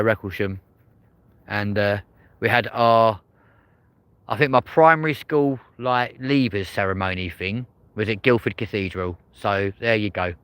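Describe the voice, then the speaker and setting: A man's voice: fairly low pitch, fairly bright tone, smooth, no echo. Rambling, sweary southern English man. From England. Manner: rambling, swears freely, repeats "but there we go". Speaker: livestream host. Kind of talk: casual live-stream chat. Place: outdoors at night.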